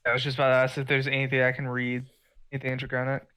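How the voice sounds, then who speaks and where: A man's voice: mid-range voice, completely flat delivery, racing, bright, forceful tone, clear, resonant tone, rough recording. A man playing a tabletop game, asking casual questions and declaring his character's actions. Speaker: player.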